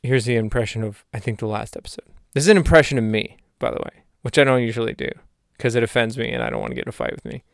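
Male podcast host, rambling comedic monologue, deadpan, smooth clear voice, dry close mic. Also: mid-range voice, racing, few pauses, dry recording. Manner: deadpan, digressive, self-mocking.

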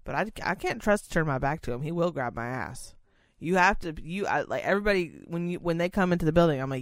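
A woman in casual chat, telling animated, profane stories. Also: low-pitched, fast, dry recording, clean studio sound.

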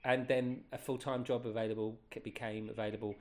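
A man in his fifties recounts his past as an interview guest, in a mid-pitched, ordinary voice. His delivery is chatty and rambling, full of restarts and self-corrections, and it rises in pitch when he gets excited. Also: brisk. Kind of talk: casual interview storytelling.

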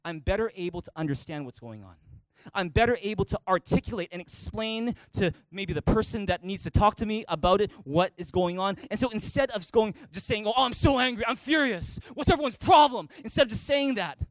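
A male pastor preaching a sermon in a church, lively and animated, often acting out voices he quotes. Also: sits high, a little fast, no room sound. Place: church auditorium.

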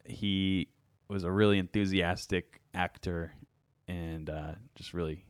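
A man's voice: deep voice, steady tone, unhurried, clear, resonant tone, no echo, clean studio sound. A young man hosting a music podcast, joking around and reading out listener comments in casual chat. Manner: jokey, playful, reads comments aloud. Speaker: podcast host.

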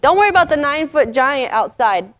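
A small, fearless shepherd boy bursts out in indignant disbelief, as a woman puts him on. His voice jumps very high and stays insistent. He sounds certain and unafraid. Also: animated, brisk, a bit bright.

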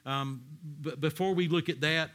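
Bright-voiced animated male preacher. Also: normal speed. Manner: animated preaching, acting out voices with sudden high loud outbursts. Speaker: pastor. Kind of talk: sermon.

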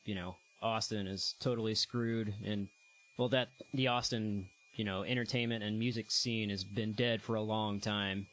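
A man's voice: fairly low pitch, steady tone, moderate pace, fairly bright tone, a little hiss or hum, rough recording. A man interviewing in casual conversation, chiming in with brief, joking remarks.

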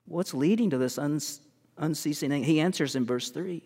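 A man preaching a sermon as pastor, earnest and halting, repeating words as he goes. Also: fairly high pitch, a little mellow, big-room sound. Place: church.

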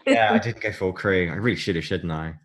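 Deep-voiced man chatting about wine. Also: wildly swooping pitch, fairly quick, a bit bright, slight background noise. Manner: chatty and jokey, laughs often, explains wine. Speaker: podcast co-host. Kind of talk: casual chat.

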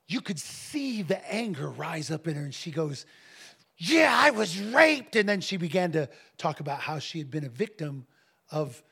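A man telling a story in a casual, animated way, laughing often and restarting his phrases. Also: high voice, vocal fry, slightly rough. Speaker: guest minister telling a story.

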